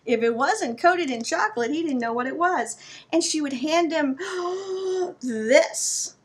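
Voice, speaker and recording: A middle-aged woman hosting her own vlog, telling a personal story in an animated, playful way with lively asides to the viewer. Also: high voice, normal speed. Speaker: vlog host.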